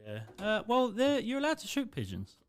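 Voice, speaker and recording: A man's voice: very high voice, wildly swooping pitch, moderate pace, smooth. A young man with an Essex accent co-hosting a podcast, talking in a blunt, offhand way with plenty of swearing. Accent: Essex English. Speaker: podcast co-host. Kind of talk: casual chat.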